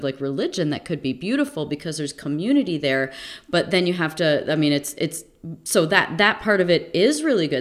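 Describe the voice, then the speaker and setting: A woman interviewing a guest in a casual conversation, reflective and rambling, with many fillers. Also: low voice.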